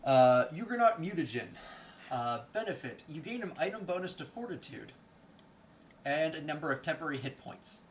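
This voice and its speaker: A man acting as game master of a tabletop game, reading out rules in a relaxed way with many fillers. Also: on the high side, moderate pace, slight background noise.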